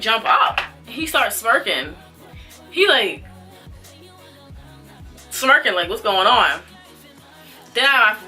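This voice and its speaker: A young woman, telling a casual storytime vlog, animated and full of fillers, acting out what people said. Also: mid-range voice. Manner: animated, acts out dialogue, frequent fillers. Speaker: vlogger. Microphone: camera mic.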